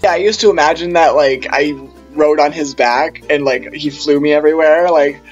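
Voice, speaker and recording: A man's voice: fairly high pitch, normal speed, highs cut off, soft background music. A young man vlogging a casual storytime, rambling through tangents and quoting himself in funny voices.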